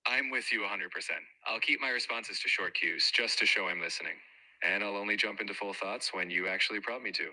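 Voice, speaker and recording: Bright, eager male AI assistant voice. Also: fairly low pitch, a little fast, husky, low-quality recording. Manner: upbeat, eager, agreeable. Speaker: AI voice assistant co-host. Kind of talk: scripted-sounding assistant replies.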